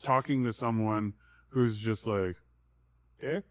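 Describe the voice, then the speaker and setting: A man co-hosting a podcast in casual chat. He talks in a relaxed way and explains his points at length. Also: medium pitch. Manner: relaxed, explains at length, slows down for mock broken English. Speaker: podcast co-host.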